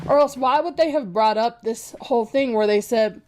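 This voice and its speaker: A woman's voice: on the high side, steady tone, normal speed, a little mellow, slight background noise. A woman ranting to camera in a casual, blunt and profane way, mocking phrases she dislikes with scorn. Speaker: vlogger. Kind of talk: casual opinion rant to camera.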